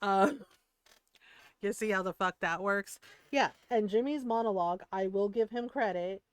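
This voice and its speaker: A woman's voice: medium pitch, a little slow, clear, resonant tone, no echo. A woman streamer from the United States in a heated, profane rant, laughing between points. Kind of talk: casual ranting chat.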